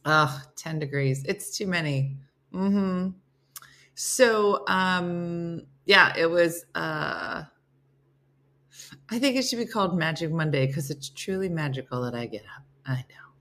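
A woman talks to her live viewers in a playful, chatty way. Her voice sits low, yet its tone is bright and keen. She teases, jokes and rambles like a morning-show host. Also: slow. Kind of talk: casual live-stream chat.

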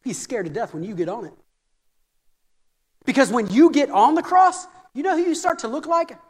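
A male pastor preaching in a church sanctuary, his voice ringing through a long hall reverb. He repeats words as he presses his points and climbs toward forceful, insistent peaks. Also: very high voice, expressive, normal speed, breathy edge. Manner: preaching with rising intensity and repeated phrases. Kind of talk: sermon.

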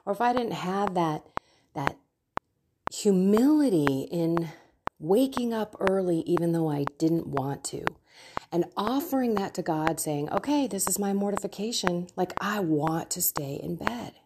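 A woman's voice: lowish voice, expressive, unhurried, background noise. Earnest middle-aged woman sharing her faith. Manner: earnest, personal testimony with soft asides. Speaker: Catholic podcast host. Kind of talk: reflective faith talk.

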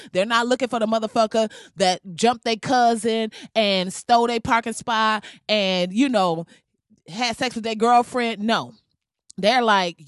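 A podcast host telling stories in casual, comedic chat, animated and full of slang and swearing, laughing often. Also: medium pitch, no room sound, clean studio sound. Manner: animated, slangy, profane storytelling with frequent laughs.

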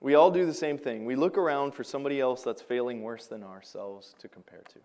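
A male pastor preaching a sermon, telling stories with animation and swinging between loud emphasis and quiet asides. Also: mid-range voice, brisk.

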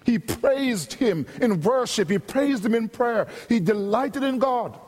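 A man with a high voice preaches a sermon, measured and emphatic, stacking repeated phrases as he builds each point. His voice rings out with a long reverb, as if in a church hall. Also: animated, darkish tone.

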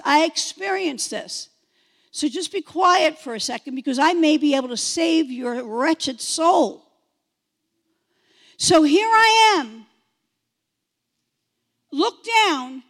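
Fervent woman in her sixties, very high voice. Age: 60s. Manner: emphatic, swings from shouting fervor to hushed intensity. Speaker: speaker giving testimony. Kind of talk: impassioned testimony sermon.

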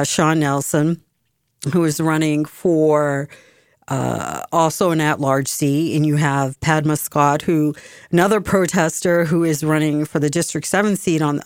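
A woman's voice: low voice, no echo, clean studio sound. A woman giving an emphatic, exasperated political commentary monologue, often restarting her sentences.

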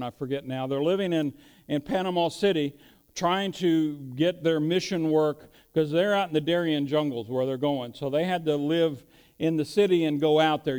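High-voiced preacher with a smooth tone. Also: male voice, a little mellow. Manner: preaching with rising emphasis and rhetorical questions. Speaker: pastor. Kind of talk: sermon.

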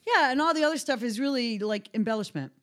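Woman, guest saxophonist, slightly high voice, laughs easily, sings lines on syllables. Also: lively intonation, fast, fairly bright tone. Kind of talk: casual interview chat.

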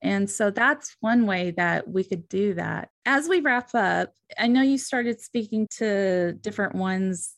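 A woman hosting a faith-based podcast with a steady, middle-pitched voice. She talks earnestly and with emphasis, giving listeners direct advice. The sound is dry and close. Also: a little slow, few pauses, dry recording. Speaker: podcast host and therapist.

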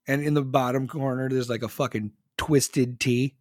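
A man's voice: medium pitch, steady tone, moderate pace, no room sound, studio quality. A man in his forties in casual, profane, rambling chat, reading and answering comments from his audience.

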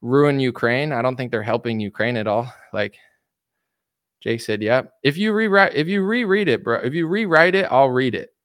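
A man's voice: mid-range voice, normal speed, fairly bright tone, dry recording, studio quality. A man ranting casually on a livestream, reading out and answering chat comments with lots of fillers and restarts. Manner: rambling, filler-heavy, frequent restarts. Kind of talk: casual political rant.

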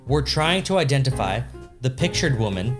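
A man's voice: medium pitch, very animated, moderate pace. Man, podcast host, wry and jokey storyteller, swears freely, studio mic, music playing behind. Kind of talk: casual storytelling chat. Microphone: studio microphone.

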